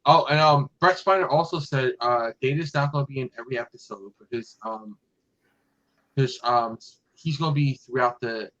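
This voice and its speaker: A man's voice: medium pitch, moderate pace, a bit bright, muffled recording. Rambling man hosting a fan chat. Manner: rambling, many fillers and restarts. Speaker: podcast host.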